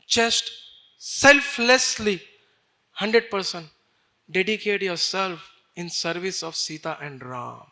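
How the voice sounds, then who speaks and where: A man voicing a devoted royal mother who speaks slowly and earnestly. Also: high-pitched, bright, forceful tone, exaggerated voice. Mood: tender.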